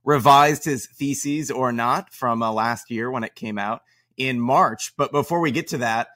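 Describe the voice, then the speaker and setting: A man's voice: mid-range voice, a little slow, pushed and bright. A man hosting a podcast interview, chatting casually and joking with his guest. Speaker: podcast host.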